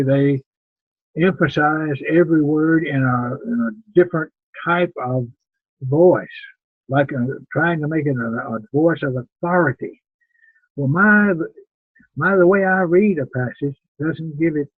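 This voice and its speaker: Speaking plainly and earnestly to his preaching students, an older instructor tends to repeat words as he works through his thoughts. His voice is husky and on the high side, with no room sound and a tinny, phone-like quality.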